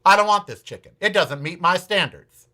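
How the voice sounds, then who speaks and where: A man voicing a picky woman shopper who questions a butcher, in a lowered voice for a told joke. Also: animated, normal speed, bright, forceful tone. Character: fussy older woman shopper at a deli.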